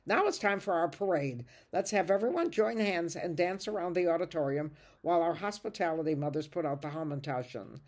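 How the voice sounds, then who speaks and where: A woman voicing a chirpy schoolteacher, announcing to children in a bright, raised voice. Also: fairly low pitch, animated, fairly quick, few pauses, pitched above the performer's own voice. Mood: cheerful.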